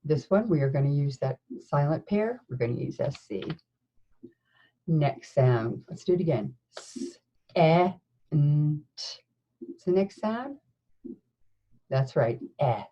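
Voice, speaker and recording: A woman teacher leading a slow, encouraging phonics lesson, sounding out words letter by letter. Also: sits low, lively intonation, dark tone, muffled recording. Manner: encouraging, with praise and questions. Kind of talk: recorded classroom phonics lesson.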